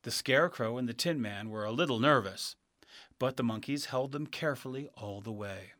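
A man narrating a children's storybook in a calm, measured reading. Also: mid-range voice, no echo, clean studio sound.

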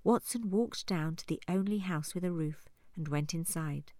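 A woman narrates a story in a calm, measured way. Her voice sits on the lower side. The recording is dry and close, with no room sound. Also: dry recording. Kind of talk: scripted narration.

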